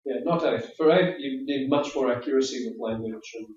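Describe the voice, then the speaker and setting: This male English examiner's medium-pitched voice is brisk and a little mellow as he delivers friendly, chatty spoken feedback after an IELTS speaking mock test, explaining points and repeating words. The classroom audio sounds roomy, distant and dull.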